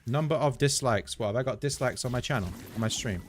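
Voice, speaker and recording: A man's voice: medium pitch, quick pace, a little hiss or hum. Chatty English man streaming a game. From England. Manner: chatty and digressive. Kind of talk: casual live-stream chat while gaming.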